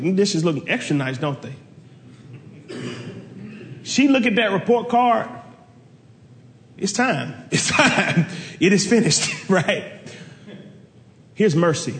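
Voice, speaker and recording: A man preaches a sermon in a fairly high voice, animated and storytelling. He jumps even higher in pitch when he quotes other people. His voice rings out with a long reverb, as in a large church. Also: measured pace, pauses often. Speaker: pastor.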